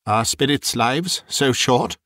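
A man's voice: medium pitch, lively intonation, slow pace, a bit bright, dry recording, clean studio sound. A man voicing Scrooge, a miserly old man asking startled, uneasy questions in a storybook reading.

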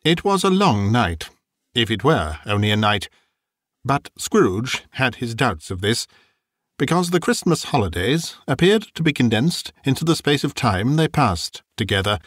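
A man narrating a classic story as an audiobook, in a measured, expressive way. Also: medium pitch, dry recording, clean studio sound.

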